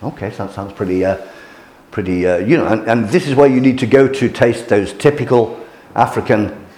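A man's voice: lowish voice, moderate pace, a little mellow. Hesitant male lecturer in a roomy hall. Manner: hesitant, many restarts and fillers, chuckles at his own jokes. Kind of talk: informal lecture showing photos to a class.

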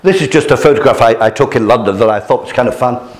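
A man with a medium-pitched voice talks fast while giving an informal lecture to a class, recorded with a roomy hall echo. He's hesitant, restarting often and using many fillers, and chuckles at his own jokes.

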